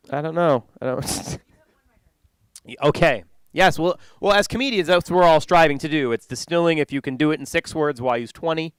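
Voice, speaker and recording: A man's voice: a little high, lively intonation, moderate pace, long pauses, clear, resonant tone, no echo. A young man doing stand-up at a conference, rambling and interrupting himself as he laughs at his own jokes. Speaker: stand-up comedian. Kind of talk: stand-up comedy. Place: conference stage.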